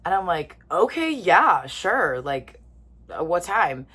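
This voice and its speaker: Chatty young woman with a low voice. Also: very animated, takes it slowly, a bit bright, slightly rough. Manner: chatty, lots of "like", eating while talking. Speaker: vlogger. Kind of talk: casual storytime chat to camera.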